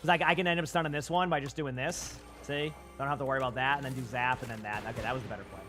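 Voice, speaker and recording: A man's voice: mid-range voice, fairly even intonation, very fast, music in the background. A young man with a Boston accent giving casual, rambling live-stream commentary while playing and chatting with viewers on a headset mic.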